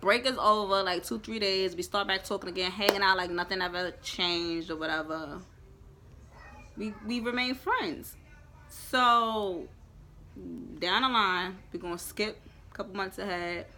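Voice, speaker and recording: A young woman telling a storytime in a lively, profane, emphatic way. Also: medium pitch, measured pace, a little hiss or hum. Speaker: vlogger. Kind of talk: storytime chat.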